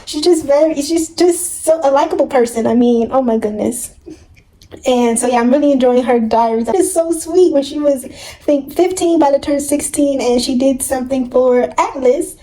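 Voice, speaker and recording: Recorded roughly on a camera mic, a young woman talks casually in her reading vlog, exclaiming, gushing about books and frequently humming along. She has a high-pitched, dark-toned voice and a moderate pace.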